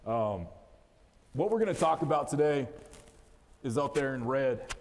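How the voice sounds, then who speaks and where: A motivational speaker in his thirties, West Texas born and accented, speaks to a live event-hall audience in a joking, folksy style. His slightly high, a little mellow voice is sing-song at normal speed, broken by long pauses. The hall adds long reverb.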